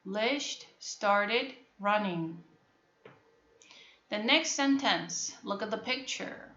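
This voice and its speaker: A woman with a Korean accent, a native Korean speaker, teaching an English phonics lesson to a class, repeating words slowly and checking that students understand. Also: mid-range voice, expressive, bright, forceful tone. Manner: repetitive, drills words and asks if students understand. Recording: echoey classroom, dull lo-fi sound.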